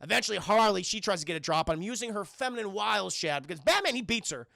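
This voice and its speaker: Man, livestream recap, profane, animated, bright voice, very gravelly. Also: high voice, fast talker, dry recording, clean studio sound. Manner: profane, animated retelling, addresses chat. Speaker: livestream cartoon reviewer. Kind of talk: casual livestream episode recap.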